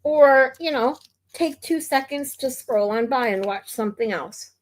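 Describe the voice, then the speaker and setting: A woman's voice: sits high, unhurried. A woman streamer from the United States giving blunt, opinionated commentary in a casual ranting manner.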